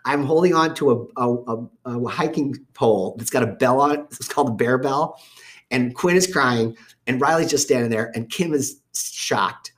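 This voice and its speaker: A man recounting a personal adventure in an easy, conversational way. His voice sits at an ordinary middle pitch. He rambles a little, corrects himself, and slips into the voices of the people in his story. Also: normal speed. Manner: rambling with self-corrections and restarts. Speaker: father telling a family story.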